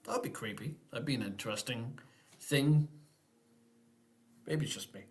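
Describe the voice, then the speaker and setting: A man's voice: mid-range voice, unhurried. A man hosting a casual live-stream Q&A, talking in an easygoing, rambling way and thinking aloud.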